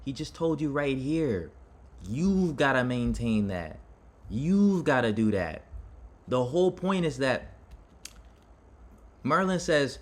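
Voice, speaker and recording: A man's voice: medium pitch, sing-song, slow pace, pauses often. A man giving an impassioned personal monologue to his viewers. He talks in a dramatic, rambling way, restarting his sentences and speaking straight to his audience. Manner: dramatic, addresses listeners directly. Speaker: vlogger on self-improvement.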